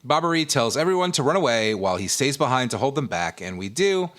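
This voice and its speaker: A man's voice: mid-range voice, big pitch swings, fast, fairly bright tone. A man co-hosting a casual podcast, recapping a video game's plot in a loose, joking way. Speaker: podcast co-host recapping a game.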